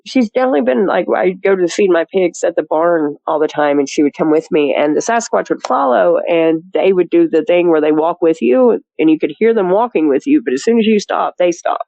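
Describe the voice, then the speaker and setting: A woman's voice: on the low side, lively intonation, fairly quick, vocal fry, hardly any pauses, mellow, dry recording, dull audio. A woman telling her story as a guest in a rambling, chatty way, full of "you know" and laughs. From rural area. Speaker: guest recounting a sighting. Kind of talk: casual storytelling.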